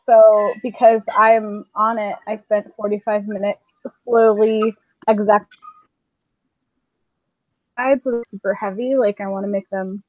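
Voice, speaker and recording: A woman's voice: mid-range voice, level tone, a little slow, pauses often, no echo. Chatty woman on a dull stream mic. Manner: chatty, laughs often. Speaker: show regular. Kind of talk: casual group chat on a live stream. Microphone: computer mic on a video call.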